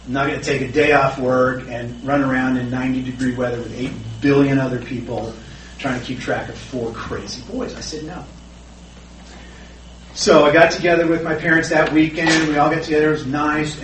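A man's voice: mid-range voice, a bit bright, a little hiss or hum. A middle-aged man sharing a candid, self-deprecating personal story at a recovery meeting. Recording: roomy, distant, faint background ambience.

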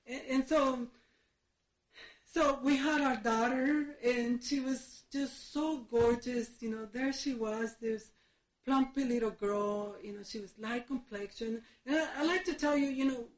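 A middle-aged woman from Mexico giving a halting personal testimony, full of fillers and restarts, laughing through painful memories. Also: a little high. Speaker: speaker sharing her recovery story. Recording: echoey room, dull lo-fi sound.

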